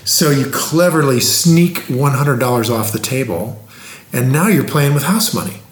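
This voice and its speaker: A man's voice: medium pitch, animated, normal speed. A man who explains investing plainly, like a teacher, with everyday examples in a casual conversation. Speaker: investing expert. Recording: roomy echo.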